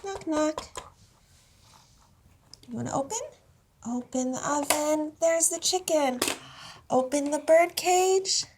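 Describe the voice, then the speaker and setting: A woman speaking slow, exaggerated parentese baby talk to her little child while they play. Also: high-pitched, a little hiss or hum. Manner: slow, sing-song and exaggerated.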